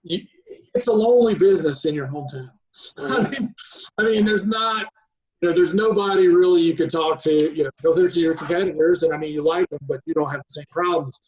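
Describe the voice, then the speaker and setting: Higher-voiced podcast host, halting. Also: male voice, low-quality recording. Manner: halting, restarts and repeats words. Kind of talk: podcast interview.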